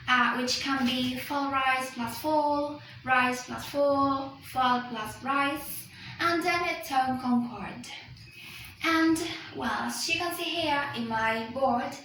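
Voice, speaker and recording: A woman's voice: high-pitched, pushed and bright, slight background noise. A woman whose first language is Spanish, giving a recorded class presentation on intonation in front of a board, with many fillers and self-corrections. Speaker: student presenter. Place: room with a board. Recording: very echoey room, voice from far off.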